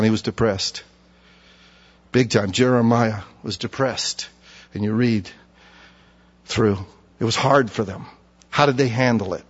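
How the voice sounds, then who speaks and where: A middle-aged man preaching a sermon with humor, acting out conversations with himself in an animated way. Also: lowish voice, lo-fi sound. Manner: animated, humorous, acts out inner dialogue. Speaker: pastor.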